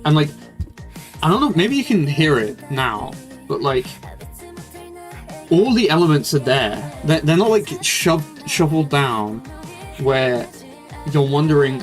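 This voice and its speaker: A man's voice: fairly high pitch, big pitch swings, a little slow, long pauses. A young man streaming casual commentary, rambling loosely with fillers and the odd swear. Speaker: streamer reviewing music. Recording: faint music in background. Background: faint music.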